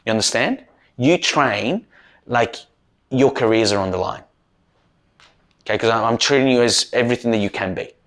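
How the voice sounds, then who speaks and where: A man, a mental performance coach giving a rousing team talk and leading loud chants. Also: medium pitch, moderate pace, pauses often.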